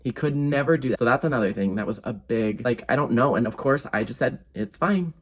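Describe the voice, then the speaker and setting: A man's voice: mid-range voice, fast. Young guy ranting in a storytime vlog, sarcastic, lots of likes and ums. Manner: animated, exasperated, sarcastic, lots of fillers. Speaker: vlogger. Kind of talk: casual storytime.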